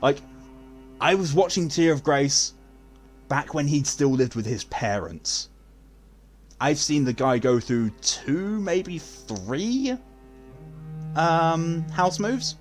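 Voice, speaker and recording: A man's voice: fairly high pitch, animated, takes it slowly, pauses often, soft background music. Laughing, swearing male game streamer. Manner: joking, swears freely, laughs often. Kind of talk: casual gaming stream chat.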